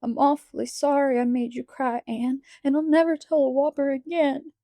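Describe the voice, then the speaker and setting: A woman reading aloud gives voice to an impish six-year-old boy in a storybook. He speaks high and pleading, between sobs, with childish slang, in a close, dry sound. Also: normal speed, dark tone, no echo, natural voice. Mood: sobbing.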